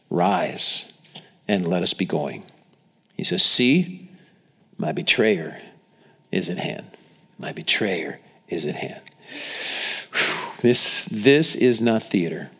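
A middle-aged man preaching a sermon in an earnest, conversational way, asking the congregation questions. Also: fairly low pitch. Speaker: pastor.

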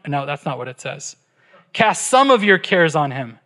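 A man's voice: high-pitched, lively intonation, normal speed, pushed and bright. A middle-aged man preaching a sermon as pastor, emphatic, asking his listeners rhetorical questions and checking in with "right?".

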